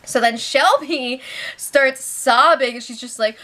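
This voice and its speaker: A woman's voice: high voice, takes it slowly, a bit bright. A woman hosting a casual recap of reality show updates. She is chatty and giggly, with sarcastic asides.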